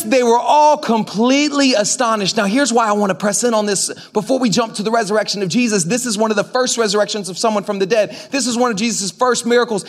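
A male pastor preaching a sermon to a congregation in a church, emphatic, shifting from quiet asides to shouted commands and joking with the crowd. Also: high-pitched. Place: church sanctuary before a congregation.

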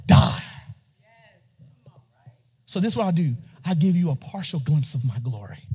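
A man preaching a sermon, reading scripture and asking his congregation questions, rising at times to near-shouting. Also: a little high, sing-song, moderate pace, slightly rough. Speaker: pastor.

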